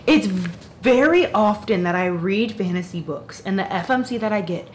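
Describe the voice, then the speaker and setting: An animated young woman chatting about books in a rambling, self-interrupting way. Her pitch sits mid-range, and there is a faint hiss under her voice. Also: normal speed. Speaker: book reviewer. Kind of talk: casual chat.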